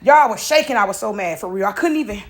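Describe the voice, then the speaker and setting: A woman telling a personal story to her viewers in a casual, animated way. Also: medium pitch, fast talker. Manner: animated, emotional, talks straight to viewers.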